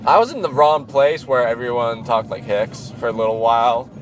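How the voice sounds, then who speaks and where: A man's voice: medium pitch, normal speed, a crowd in the background, rough recording. A young man from New York chatting casually in a car for a podcast, laughing often and swearing freely. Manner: profane, laughing banter. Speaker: podcast co-host. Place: parked car.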